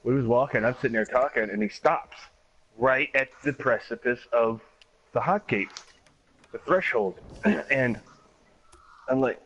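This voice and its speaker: A man streaming a game, telling a long story in a casual, animated way, acting out other people's voices and swearing often. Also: medium pitch, measured pace, pauses often, breathy edge, rough recording. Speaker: gaming streamer. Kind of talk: casual storytelling while gaming.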